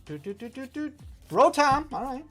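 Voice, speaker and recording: A man's voice: sits high, expressive, normal speed, soft background music. Wisconsin guy hosting a pack-opening stream, chatty, laughs at himself a lot. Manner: chatty and self-deprecating, laughs often. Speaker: host. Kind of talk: live-stream card-pack opening, reading chat.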